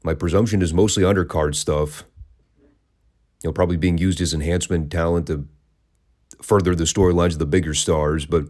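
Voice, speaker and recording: A man with a low, dark, mellow voice talks through old wrestling matches in a relaxed, conversational way. He keeps slipping in dry, sarcastic asides. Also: fairly quick, long pauses. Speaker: wrestling podcast host. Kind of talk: casual review commentary.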